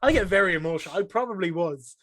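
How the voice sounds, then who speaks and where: An excitable young Irish man with a high voice talks as a guest on a casual podcast. He gets emotional and animated as he speaks. The sound is dry and close-miked. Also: fast, no echo. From Ireland. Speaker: podcast guest, streamer and caster.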